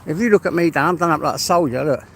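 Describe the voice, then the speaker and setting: Here an English livestreamer talks rapid-fire to his audience while his dog roams the rural fields beside him, swearing here and there. The pitch is fairly high, and there's a faint hiss or hum on the recording.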